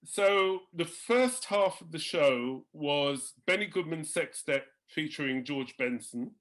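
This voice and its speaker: A man appearing as a guest storyteller shares musical anecdotes in conversation, animatedly acting out the voices of people in his stories. His voice is on the high side and his pace slow.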